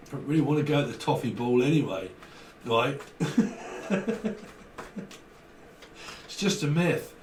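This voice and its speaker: A man's voice: on the high side, big pitch swings, slow, pauses often, far from the mic, a little hiss or hum. Man reading tarot in an echoey room. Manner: acts out exchanges with slang, laughs often, swears. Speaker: tarot reader. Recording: echoey room, voice a little off-mic.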